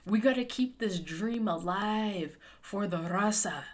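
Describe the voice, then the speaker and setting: A woman's voice: medium pitch, slow pace. A woman voicing a melodramatic young Latina movie heroine, pleading in an overwrought, theatrical way.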